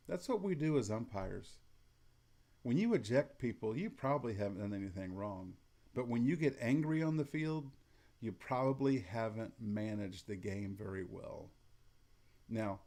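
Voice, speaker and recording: A middle-aged man giving calm, matter-of-fact advice to umpires, acting out what to say to coaches in a flat, even tone. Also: lowish voice, moderate pace. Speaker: umpire instructor. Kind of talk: instructional talk to umpires.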